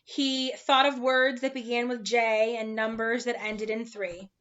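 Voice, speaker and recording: A woman reads a children's storybook aloud, expressive and animated. Her voice is bright and a bit high, and the recording is dull and lo-fi. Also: a little slow. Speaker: narrator.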